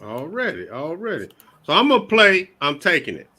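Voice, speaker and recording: A man's voice: fairly high pitch, wildly swooping pitch, normal speed, sharp tone, no echo. A man hosting a casual interview, laid-back and affirming in his slang. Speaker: podcast host.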